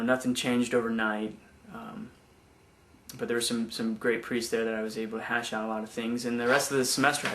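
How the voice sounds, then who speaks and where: A young man giving a personal faith testimony, speaking haltingly with many restarts and repeated words. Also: medium pitch, pushed and bright, echoey room. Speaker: former missionary giving testimony.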